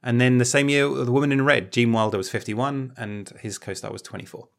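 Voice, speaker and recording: A man's voice: mid-range voice, steady tone, fairly quick, vocal fry, a bit bright. A man co-hosting a podcast in casual chat, explaining points thoughtfully and hedging his claims. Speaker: podcast co-host.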